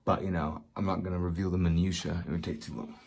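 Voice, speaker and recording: A man vlogging a casual movie review, rambling and excited, often repeating himself. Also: deep voice, fast, gravelly.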